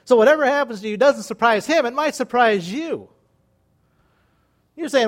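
A middle-aged male preacher talks through an informal sermon with homespun stories. His voice sits high and moves all over the place. He laughs easily and slips into little acted-out voices. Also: moderate pace, pauses often. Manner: folksy, animated, laughs often, acts out voices.

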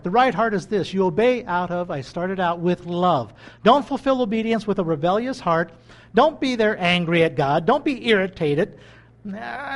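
A man delivers a sermon in a high, light voice. He talks to the congregation as if chatting with them, rising into loud, excited bursts and then dropping into quiet asides. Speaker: pastor. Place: country church.

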